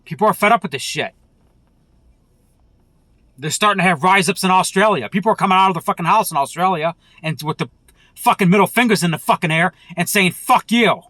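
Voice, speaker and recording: A man vlogs an angry political rant, cursing freely and circling back over the same points. His voice sits high for a man. The sound is close and dry, with no room behind it. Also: a little fast, pauses often, bright, forceful tone, dry recording. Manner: profane, heated, repetitive. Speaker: vlogger.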